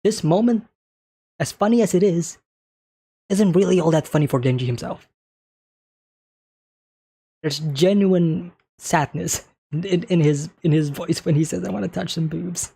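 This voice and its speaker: A man's voice: a little high, a little slow, long pauses, warm tone, slightly rough. A man hosting an anime reaction, talking casually and thinking aloud as he comments on each scene, often checking in with "right?".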